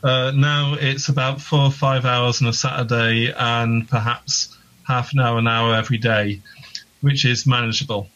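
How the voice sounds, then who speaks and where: A man's voice: medium pitch, fairly even intonation, moderate pace, fairly bright tone, muffled recording. A man, a podcast guest chatting casually with dry, self-deprecating humour. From England. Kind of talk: casual interview chat.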